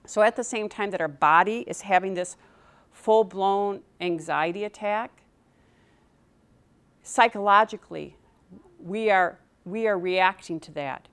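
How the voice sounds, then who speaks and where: A middle-aged woman coaches a live audience on public speaking in an animated, conversational way. Her voice sits at a middle pitch, and she keeps asking the room questions. She often drops into the anxious inner voices of nervous speakers. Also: unhurried, pauses often, clear, resonant tone. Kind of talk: motivational talk to a live audience.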